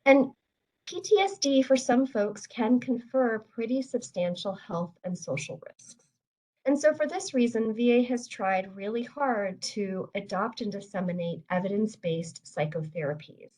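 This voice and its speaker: A woman's voice: a little high, animated, unhurried, darkish tone, low-quality recording. A woman presenting research in a webinar in a friendly, casual way, with frequent "um" and "you know".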